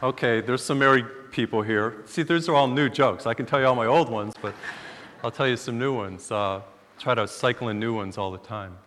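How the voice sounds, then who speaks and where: A priest in a church hall, chatty and fond of jokes, easing into stories with fillers. His voice carries a long hall reverb, and his pitch sits in the middle. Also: moderate pace, a bit bright. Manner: casual, chatty, joke-telling with fillers. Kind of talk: joking retreat sermon.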